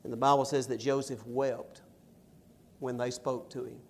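A middle-aged man preaching a sermon and reading scripture, with emphatic stresses and quiet asides. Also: mid-range voice, flat delivery, normal speed. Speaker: pastor.

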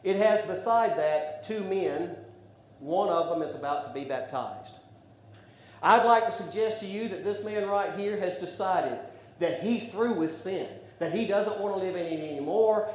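A man preaching a sermon, building to loud emphatic declarations. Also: high-pitched. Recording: echoey room with faint background noise.

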